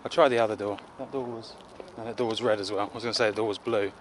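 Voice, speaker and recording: A man's voice: lowish voice, steady tone, very fast, noisy background. A man from England vlogging casually outdoors, rambling and self-deprecating with lots of filler words. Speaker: travel vlogger. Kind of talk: casual rambling travel vlog. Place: outdoors in a city.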